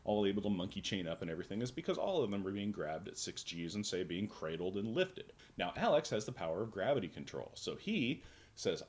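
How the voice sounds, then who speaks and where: A man's voice: fairly low pitch, very animated, brisk. A man co-hosting a casual comic book podcast, explaining plot holes with long, playful pseudo-scientific theories. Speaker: podcast co-host. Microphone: podcast microphone.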